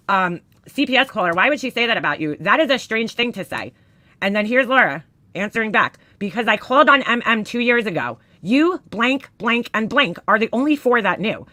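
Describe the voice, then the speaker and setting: Sounding exasperated and swearing freely, a woman gives casual commentary while reading screenshots out loud, punching up the quoted lines loudly. She has a mid-range voice, recorded dry.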